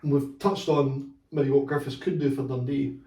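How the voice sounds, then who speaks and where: A man's voice: medium pitch, normal speed. Scottish man co-hosting with echoey distant sound. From Scotland. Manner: animated storytelling, acts out quoted lines. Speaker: podcast co-host. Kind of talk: casual chat.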